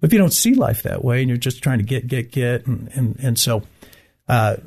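A man's voice: mid-range voice, normal speed, slightly rough. A middle-aged man from Michigan, a guest in a casual interview, telling stories and acting out the people he quotes. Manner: storytelling, animated when quoting others.

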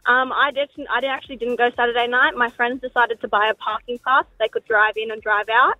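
A woman's voice: a little high, fairly even intonation, a little fast, dry recording. A young woman phoning in, her voice thin and tinny as if through a phone line. The sound is dry and close, with faint music behind. She hesitates often, filling gaps with ums. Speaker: caller. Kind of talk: phone-in chat.

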